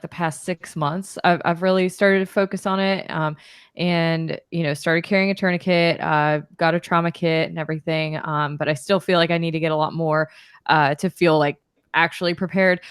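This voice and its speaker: A woman's voice: on the low side, clean tone, dry recording, studio quality. An American woman co-hosting a live stream, chatty and casual, saying "like" a lot. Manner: chatty, laughs often, uses "like" a lot. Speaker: podcast co-host.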